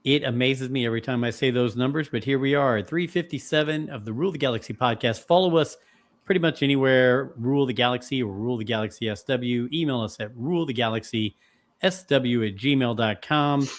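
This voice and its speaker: Podcast host, male, upbeat and welcoming, mid-pitched conversational read. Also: fairly quick. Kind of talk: casual chat.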